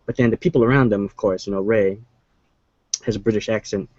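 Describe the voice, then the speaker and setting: A man's voice: lowish voice, fairly even intonation, brisk, darkish tone, muffled recording. A man co-hosting a casual movie chat, rambling and hesitant, often restarting his sentences. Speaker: co-host.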